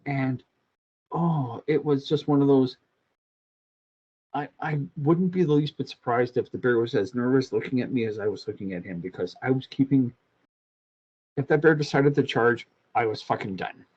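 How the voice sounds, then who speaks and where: An older man with a husky voice, telling a meandering, crude story in casual podcast chat. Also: medium pitch, moderate pace, a little mellow, lo-fi sound. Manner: crude, meandering, many restarts. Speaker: podcast co-host.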